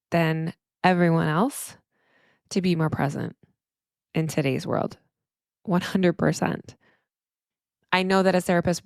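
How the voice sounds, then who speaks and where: A fairly low, slightly mellow female voice belongs to a middle-aged therapist hosting her podcast by herself. She reflects candidly and with emotion, frequently starting over mid-thought, in a clean studio recording without echo.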